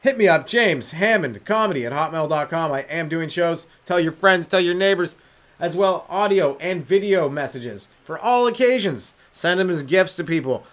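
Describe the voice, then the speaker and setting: A man's voice: a little high, expressive, normal speed. A man hosting his own comedy podcast, rambling through riffs and slipping into silly voices. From Canada. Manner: riffing, slips into silly put-on voices and sung bits. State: high on weed. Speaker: stand-up comedian and podcast host. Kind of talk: rambling solo comedy rant.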